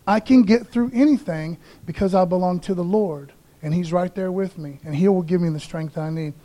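A man's voice: high voice, moderate pace, warm tone. A man preaching a casual, folksy sermon in a church, talking informally to the congregation with jokes and lots of "man" and "you know.". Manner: jokey asides to the congregation. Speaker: pastor. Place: church sanctuary.

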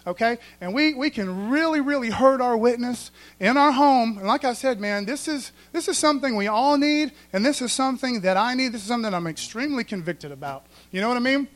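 A man's voice: very high voice, lively intonation, fairly quick, few pauses, a bit bright. A male preacher, preaching a folksy sermon in church and often asking the congregation if they follow.

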